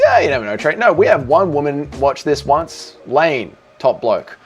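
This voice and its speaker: Swearing Australian streamer, casual. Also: male voice, fairly high pitch, sing-song, normal speed, few pauses, husky. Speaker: streamer host. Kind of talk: livestream chat Q&A.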